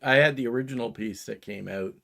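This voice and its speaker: Man from Canada, heavy vocal fry, gravelly, hesitant halting delivery, casual livestream chat. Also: mid-range voice, fairly bright tone. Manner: hesitant, halting, many fillers and restarts. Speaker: co-host.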